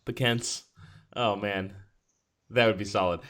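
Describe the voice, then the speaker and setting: A man with a fairly low voice hosts a casual podcast chat. He talks eagerly, laughs often and keeps restarting his sentences. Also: steady tone, a little slow, fairly bright tone. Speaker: podcast host.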